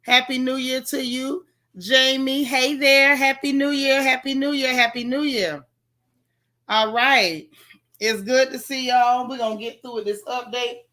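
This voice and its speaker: A woman's voice: high-pitched, fairly even intonation, unhurried, bright, forceful tone. Tired, chatty woman live-stream host. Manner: chatty, greets viewers by name with folksy slang. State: tired, yawning. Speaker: livestream host. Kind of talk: casual live-stream chat.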